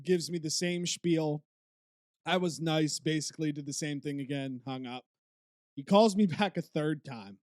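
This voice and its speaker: Male podcast co-host, bright and high-pitched, animated anecdote teller. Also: a little slow, no echo, clean studio sound. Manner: animated, laughs through his stories. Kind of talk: casual chat, storytelling.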